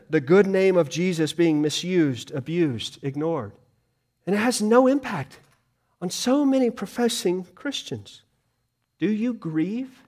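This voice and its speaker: A middle-aged male pastor preaching a sermon earnestly, moving between loud emphasis and hushed grief and asking the congregation questions. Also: a little high. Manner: asks the congregation rhetorical questions.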